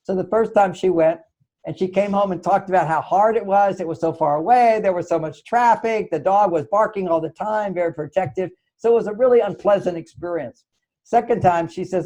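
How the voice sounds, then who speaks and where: Older male guest, high-pitched and animated, storytelling with acted quotes. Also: normal speed. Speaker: guest author. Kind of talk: talk show interview.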